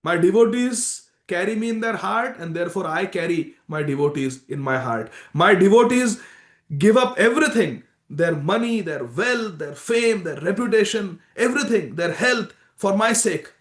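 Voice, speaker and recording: A man voicing Lord Vishnu as a gentle, affectionate divine lord in a temple class story, quoted in an earnest, plain voice. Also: high voice, animated, moderate pace, pitched above the performer's own voice. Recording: echoey temple room.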